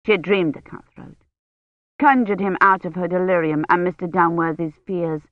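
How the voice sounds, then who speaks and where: A woman narrating an audiobook in a measured, steady reading voice. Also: on the low side, dry recording. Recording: dull, dry studio read.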